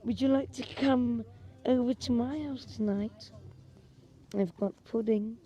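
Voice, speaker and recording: Creepy wheedling stalker put on by a woman, soft, leering, a little high. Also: measured pace, a little hiss or hum, lightly acted. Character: creepy male stalker luring a child.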